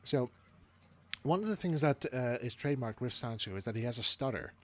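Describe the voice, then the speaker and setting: A man hosting a relaxed review chat, full of enthusiasm. His pitch rises and falls a lot as he talks. He laughs often and slips into little impressions. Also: a little fast. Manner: animated, laughs often, acts out lines. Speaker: podcast host reviewing an animated series. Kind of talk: casual chat.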